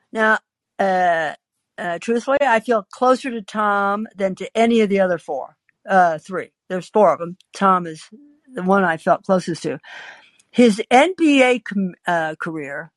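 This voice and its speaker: A woman's voice: mid-range voice, a little slow, no room sound. An older woman hosting a podcast, telling her own story in a wry, confiding way with frequent hesitant fillers. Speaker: podcast host. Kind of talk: storytelling monologue.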